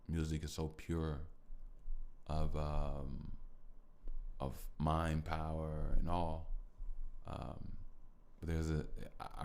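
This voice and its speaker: A man's voice: a bass voice, creaky, darkish tone. A man hosting a podcast on his own, talking to listeners in a reflective, emotional way, often repeating himself and thanking them. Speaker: podcast host. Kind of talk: reflective solo podcast talk.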